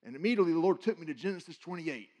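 A man preaching, telling a personal testimony in an animated, excited storytelling way. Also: on the high side, very fast. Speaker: guest preacher.

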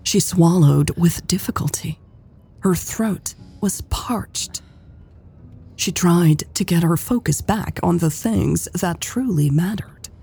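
Slow, husky woman narrating a romance. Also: lowish voice, dark tone, faint music behind. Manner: slow, measured reading. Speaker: audiobook narrator. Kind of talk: scripted narration.

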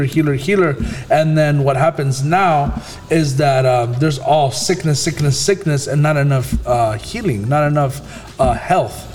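A man hosting a casual faith discussion, talking in a halting way with many fillers and restarts. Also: medium pitch, darkish tone, long reverb tail, a little hiss or hum.

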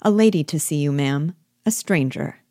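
A woman's voice: sits low, lively intonation, moderate pace, mellow. A woman reading the short lines of a polite household maid in a play.

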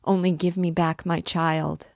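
A woman's voice: lowish voice, level tone, measured pace, creaky, a little mellow, dry recording, clean studio sound. A woman voicing a desperate young mother crying out and pleading for her lost child in a storybook reading. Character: frantic grief-stricken young mother searching for her child.

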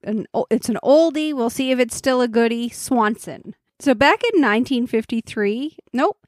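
A woman's voice: on the high side, normal speed, dry recording. Woman cohost chatting about food while eating, laughs a lot, dry mic. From Canada. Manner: chatty, laughs often, eats while talking. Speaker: podcast co-host. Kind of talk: casual food-tasting chat.

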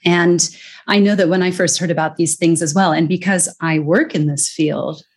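A woman's voice: lowish voice, steady tone, normal speed, breathy edge. Earnest American woman explaining with emphasis. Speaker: guest expert on accents. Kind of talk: conversational interview.

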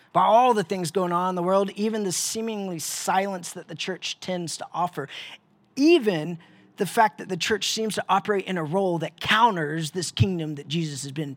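A male preacher whose voice sits high delivers a sermon in a dry recording. He poses rhetorical questions with dramatic pauses, sometimes dropping to a hushed voice.

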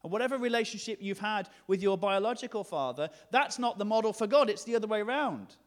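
Northern English male preacher, high and highly animated voice, chatty humorous sermon delivery. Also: fast talker. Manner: lively, conversational, jokey preaching with sudden shifts between hushed and loud. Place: church hall.

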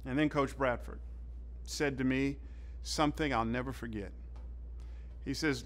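A middle-aged man from the South, preaching a sermon with animated storytelling and loud bursts for effect. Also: mid-range voice, unhurried, long pauses. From southern United States. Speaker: pastor.

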